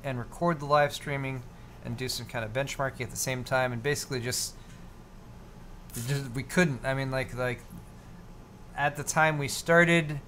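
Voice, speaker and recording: Man, mid-pitched, live tech show co-host, rambling casual banter, faint background hiss. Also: fairly even intonation, moderate pace, long pauses, fairly bright tone. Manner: rambling and jokey, with many fillers and restarts.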